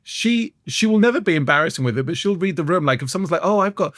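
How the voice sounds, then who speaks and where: A young man chatting on a comedy podcast with a lively, swooping delivery and a bright, forceful tone. He slips into voices of his mum as he tells stories. The sound is dry and close. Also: high voice, fast talker, dry recording. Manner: animated, acts out his mum's voice. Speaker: podcast co-host. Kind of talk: casual comedic chat.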